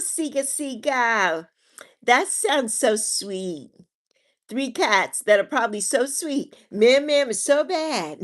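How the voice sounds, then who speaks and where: A woman's voice: a little high, big pitch swings, unhurried. A woman hosting a live stream, chatting casually as she reads viewer comments, affectionate and sympathetic, calling people endearing names and repeating her kind wishes. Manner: sympathetic, repeats herself softly.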